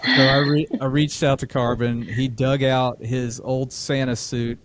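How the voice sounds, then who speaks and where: A man's voice: medium pitch, flat delivery, measured pace, noisy background. Laughing Midwestern man telling a story. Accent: American Midwest. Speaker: podcast co-host. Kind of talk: casual podcast chat.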